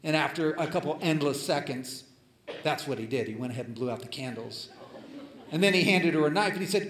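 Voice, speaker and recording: Preacher guy telling a story, gets loud then hushed, kinda high voice, echoey room. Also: brisk. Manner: dramatic, swings between loud and hushed. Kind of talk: sermon storytelling, reading a letter aloud.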